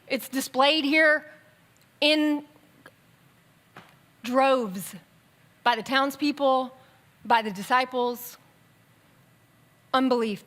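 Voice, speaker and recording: A woman preaching a sermon in a conversational, animated way, with quick bursts and asides. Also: high-pitched. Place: church sanctuary.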